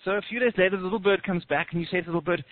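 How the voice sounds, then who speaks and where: A man's voice: high-pitched, very fast, no echo. A man coaching on relationships in casual talk, telling a story and briefly acting out small voices. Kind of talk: casual advice on a call. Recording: tinny phone line.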